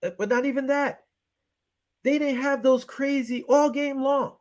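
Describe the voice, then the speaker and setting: A man's voice: extremely high pitch, measured pace. A man hosting a casual sports talk show, fired up and frustrated, acting out his own phone calls as he breaks down a game. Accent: Western New York. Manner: animated, retells with quoted back-and-forth, frustrated ranting.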